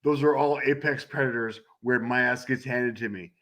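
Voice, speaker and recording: A man's voice: mid-range voice, moderate pace, a bit bright. Laid-back swearing man in casual banter. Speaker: co-host of a betting stream. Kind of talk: casual chat.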